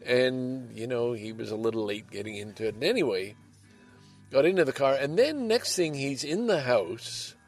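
Soft music plays behind an older Canadian podcast host talking at a normal pace from his home beside a window. His medium-pitched voice has lively intonation as his loose monologue moves between serious and lighthearted moods.

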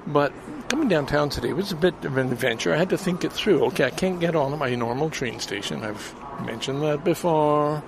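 A man's voice: on the high side, fairly quick, vocal fry, hardly any pauses. An older man from Canada rambling to his listeners in a casual outdoor audio vlog, stopping and restarting his thoughts as he goes. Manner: rambling, self-interrupting, talks to listeners. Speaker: vlogger and podcaster. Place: outdoors in a city, at a station and on a bench. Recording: city street and vehicle noise.

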